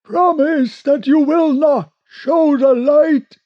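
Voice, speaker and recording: A man voicing a starving castaway hidden in a boat at night, calling out in a high, strained, pleading voice. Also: slow pace. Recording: dull lo-fi recording.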